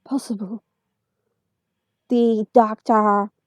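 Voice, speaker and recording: A woman doing the Dalek, a raspy metal war machine. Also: a little high, no room sound. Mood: menacing. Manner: slow, flat, commanding. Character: harsh metallic alien war machine, cold.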